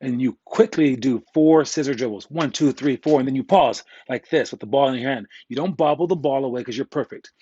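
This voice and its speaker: A man's voice: mid-range voice, a little fast, few pauses, mellow, slightly rough, muffled recording. A man coaching youth basketball players in a casual, candid way, joking and rambling, with slang thrown in. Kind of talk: casual instructional talk.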